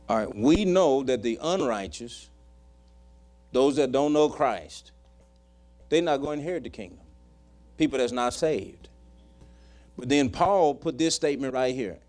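A man preaching a sermon, telling a personal story in a folksy way that swings from loud to hushed. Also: medium pitch. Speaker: pastor.

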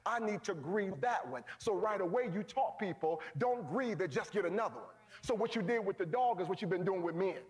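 A man preaching a sermon as pastor, calling out to his congregation, swinging from shouts to hushed low tones. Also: animated, a little fast, hardly any pauses. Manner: calls out to the congregation, folksy phrasing.

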